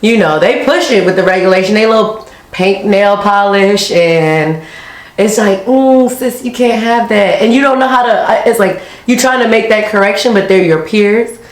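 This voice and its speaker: A woman's voice: mid-range voice, moderate pace. A young woman who is an Army officer, chatting casually and talkatively while doing her makeup. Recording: echoey room.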